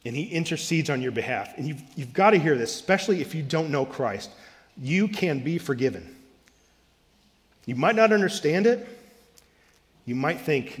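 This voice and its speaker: A man's voice: medium pitch, very animated, moderate pace. A man, a pastor, preaching an earnest sermon and repeating key phrases for emphasis. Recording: long reverb of a large hall.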